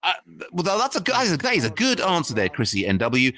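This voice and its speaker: Male stand-up host, rambling self-mocking patter, quick and lively, bright headset sound. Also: a little high. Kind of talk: improvised stand-up to a virtual audience. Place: virtual-reality social world, talking into a headset.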